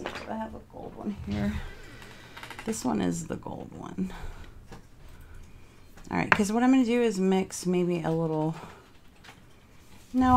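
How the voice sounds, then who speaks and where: A woman's voice: mid-range voice, creaky, noisy background. A young woman crafting at home, chatting casually and thinking aloud while she changes her mind. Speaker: craft vlogger.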